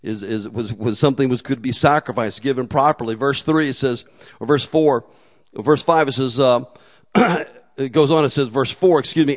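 A man preaching a sermon in a relaxed, conversational way, with humor and acted asides. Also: mid-range voice, normal speed. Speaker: pastor.

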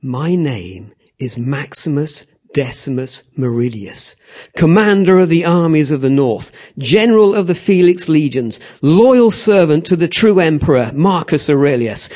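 A man acting out a proud Roman general who slowly and loudly declares who he is. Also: a little high, lively intonation. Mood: defiant. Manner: slow, loud, proclaiming.

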